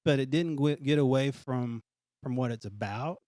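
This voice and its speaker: Laid back dude cohosting a podcast, mid pitch, dry close mic. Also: male voice, moderate pace, darkish tone, no echo. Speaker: podcast co-host. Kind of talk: casual podcast chat.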